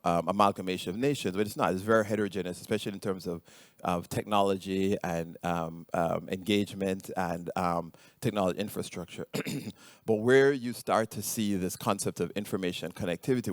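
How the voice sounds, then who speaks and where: Giving a conference presentation, a middle-aged Jamaican-accented man speaks in a very low voice. He sounds hesitant, stumbling through many ums and restarts. The recording is close and dry, with no echo or room sound.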